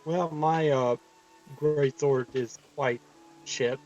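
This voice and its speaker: A man taking part as a player in a tabletop game, speaking in an unhurried, plain way. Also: mid-range voice, fairly even intonation, a little mellow, lo-fi sound, soft background music. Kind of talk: casual tabletop role-play.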